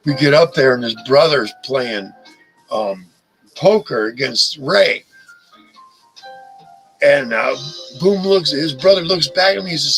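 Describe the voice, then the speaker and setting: A man's voice: fairly high pitch, slow, long pauses, fairly bright tone, poor audio. A middle-aged man hosting a live stream, telling rambling stories in a casual way and swearing freely. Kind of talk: casual storytelling chat. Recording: music playing in background.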